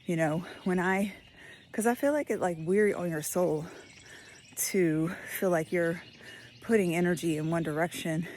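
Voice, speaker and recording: A woman vlogger muses aloud while out on a walk, her lilting, lower-pitched voice slightly breathless and darkish in tone. She stops often to think and fills her casual reflection with plenty of fillers. Faint birdsong, outdoor ambience, and a little hiss or hum sit in the background.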